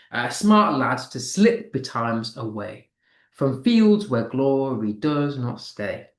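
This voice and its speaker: A man's voice: medium pitch, roomy sound. A man teaching English with a British accent, explaining patiently with frequent ums and restarts. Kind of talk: online lesson.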